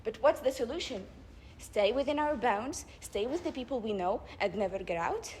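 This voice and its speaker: A woman's voice: a little high, animated, a little mellow, slight background noise. Young woman giving a rhetorical speech. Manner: rhetorical, measured emphasis. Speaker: debate club speaker. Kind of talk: public speech. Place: live event before an audience.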